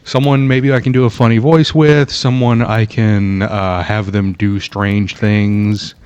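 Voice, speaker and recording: A man from Alabama, a game master, chatting casually on a podcast in an easygoing, halting way with frequent fillers. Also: fairly low pitch, little pitch movement, darkish tone, clear, resonant tone. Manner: easygoing, halting, laughs at own jokes. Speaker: dungeon master.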